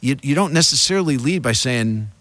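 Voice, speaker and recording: Animated man in casual faith chat. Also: medium pitch, a little fast, no echo. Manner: animated, acts out quoted lines, many restarts. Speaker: podcast co-host.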